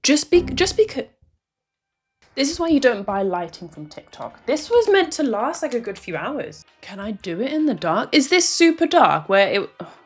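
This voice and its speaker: A woman's voice: on the high side, sing-song, normal speed, breathy edge, soft background music. Chatty young woman with many fillers. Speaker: vlogger. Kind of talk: casual talking-to-camera advice. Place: a room at home, in dim lighting.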